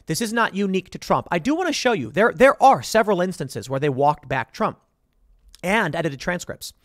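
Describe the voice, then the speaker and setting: Male commentator, emphatic and sarcastic, lively delivery in a dry, close recording. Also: high voice, brisk, no room sound. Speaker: political commentator. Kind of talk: reading and reacting to headlines.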